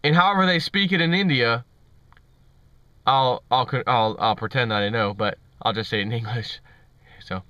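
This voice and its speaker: A man's voice: medium pitch, normal speed, long pauses, bright, forceful tone, no echo, lo-fi sound. Sarcastic male vlogger ranting. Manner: sarcastic, mocking. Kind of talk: ranting commentary.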